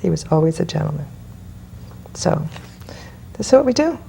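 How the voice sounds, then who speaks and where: A woman's voice: low-pitched, very animated, normal speed, creaky, warm tone, slight background noise. A woman guest hypnotist in an interview, telling client stories bluntly and emphatically. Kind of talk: interview storytelling.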